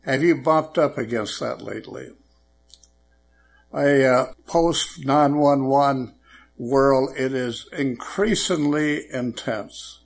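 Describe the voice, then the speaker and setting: A male preacher telling folksy jokes and stories in an unhurried sermon, with frequent fillers. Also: medium pitch, vocal fry.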